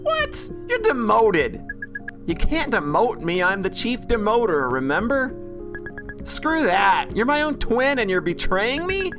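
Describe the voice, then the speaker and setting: A woman's voice: on the high side, wildly swooping pitch, measured pace. A woman voicing a hotheaded, defiant teenage girl in a game. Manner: defiant, blunt. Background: game music.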